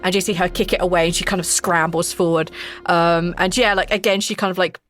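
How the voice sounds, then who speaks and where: A woman's voice: lowish voice, fairly even intonation, fast talker, a bit bright, soft background music. A woman narrating a horror tabletop game as game master, rambling with many fillers. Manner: rambling, full of likes and ums.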